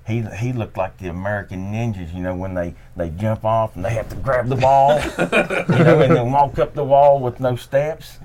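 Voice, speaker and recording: A man telling hunting stories in a casual chat at camp, animated and laughing often. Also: medium pitch, moderate pace, a little hiss or hum. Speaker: podcast guest. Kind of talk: casual storytelling. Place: camp room, at night.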